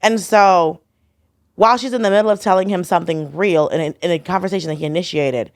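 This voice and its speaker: Blunt, animated woman comedian, dry sound. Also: fairly low pitch, fast talker, dry recording. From United States. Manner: animated storytelling, acts out quoted dialogue, blunt. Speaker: guest comedian. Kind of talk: casual podcast chat.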